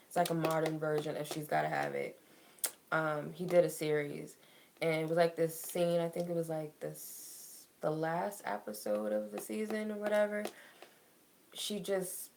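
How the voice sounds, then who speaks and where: Low, gravelly-voiced woman tarot reader. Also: a little mellow, a little hiss or hum. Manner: emotional, heartfelt, says "like" often. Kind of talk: casual spiritual talk to viewers.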